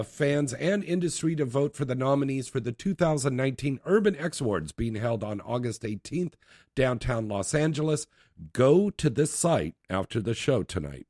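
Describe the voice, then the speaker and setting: A man's voice: medium pitch, a little mellow, no echo. Brash male talk radio host, joking and chatty, dry close studio sound, plays it loose.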